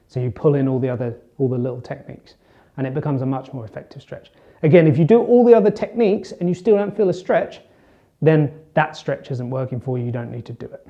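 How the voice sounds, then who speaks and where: A man's voice: mid-range voice, brisk, muffled recording. A man working as a fitness coach, talking casually while he demonstrates stretches. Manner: relaxed, chatty, talks while demonstrating stretches. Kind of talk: instructional demonstration.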